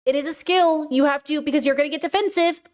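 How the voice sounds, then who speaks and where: A woman's voice: high-pitched, fast. Chatty, emphatic woman streamer. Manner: chatty and emphatic, many fillers and restarts. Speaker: podcast host. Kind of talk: casual livestream commentary.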